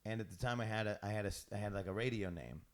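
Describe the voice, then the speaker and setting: A man's voice: on the low side, rapid-fire. A man hosting a podcast, a comedian, talking in a laid-back, joking, rambling way. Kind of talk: casual chat.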